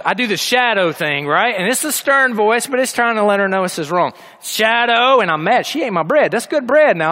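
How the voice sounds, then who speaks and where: Male preacher, fairly high voice, animated storytelling sermon, humor then earnest call.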